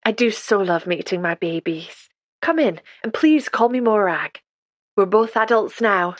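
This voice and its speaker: A woman's voice: medium pitch, lively intonation, a little slow, dry recording, lightly acted. A woman voicing a sprightly elderly retired midwife with a faint Scottish accent, motherly and gushing, in an audiobook reading. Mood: warm. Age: older.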